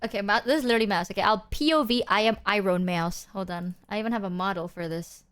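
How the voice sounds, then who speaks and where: A woman streamer in casual chat, animated and rambling, swearing often. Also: medium pitch, quick pace, clean tone.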